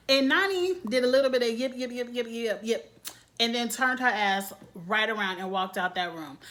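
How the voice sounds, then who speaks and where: A woman recapping reality TV in a casual vlog, with a slightly high voice. She talks in an animated, gossipy way and breaks into laughter often. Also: measured pace, long pauses.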